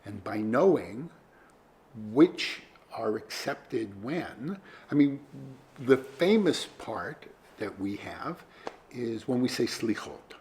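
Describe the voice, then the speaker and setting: A man teaching a religious study class, speaking in a halting, conversational way with many fillers. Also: mid-range voice, very animated, darkish tone. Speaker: Torah teacher.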